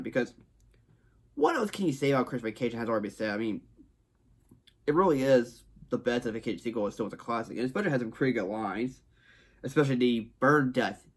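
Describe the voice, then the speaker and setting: A man from Texas giving a casual movie review to camera, rambling and repeating himself, with frequent restarts. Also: medium pitch. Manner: rambling, repetitive, frequent restarts and stock phrases. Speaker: film reviewer. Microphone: talking to camera.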